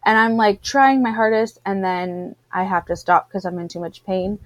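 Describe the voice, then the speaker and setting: A woman's voice: mid-range voice, moderate pace, no room sound. A woman in casual chat, animatedly telling a personal story and acting out the voices of the people in it. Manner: animated storyteller, acts out what others said.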